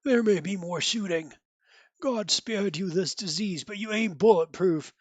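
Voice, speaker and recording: A woman voicing a dying father who quietly warns his son away from danger. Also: mid-range voice, a little slow, dry recording, close to an everyday voice. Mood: warning.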